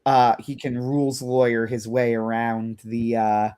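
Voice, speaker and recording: A man co-hosting a casual livestream chat, retelling a story with animated delivery and frequent filler words. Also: mid-range voice, a little slow, clean tone. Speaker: co-host.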